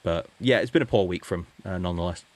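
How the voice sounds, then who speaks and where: A man's voice: low-pitched, quick pace. A man co-hosting a hockey podcast, talking casually and rambling with many restarts. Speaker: podcast co-host.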